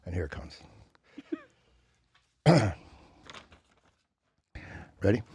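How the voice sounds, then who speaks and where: A man's voice: low-pitched, very animated, drawn-out words, mellow, breathy edge. A man, an actor guest on a podcast, chatting casually and telling rambling, profane stories full of restarts and sound effects. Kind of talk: casual storytelling chat. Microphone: studio mic with headphones.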